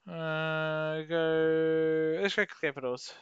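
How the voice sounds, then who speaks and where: A young man giving rambling, sweary commentary while playing a geography game, with sudden excited outbursts. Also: fairly high pitch, extremely slow, clear, resonant tone, no echo, muffled recording. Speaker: gaming YouTuber. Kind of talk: casual gameplay commentary.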